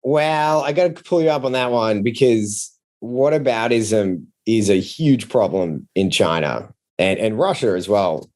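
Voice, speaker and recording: A man's voice: on the low side, a little slow, few pauses, darkish tone. Australian man pushing back in chat. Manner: argumentative, explaining. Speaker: comedian guest. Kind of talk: casual chat.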